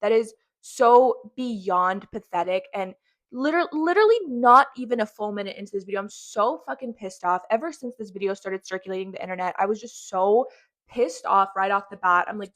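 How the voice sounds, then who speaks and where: A woman's voice: mid-range voice, moderate pace, a bit bright. A woman hosting a reaction commentary, ranting angrily with heavy swearing. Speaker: commentary host.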